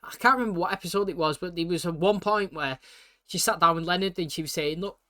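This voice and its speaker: A British man talking fast and casually, full of slang and fillers, reacting to a TV episode for his channel. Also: high-pitched, bright, forceful tone.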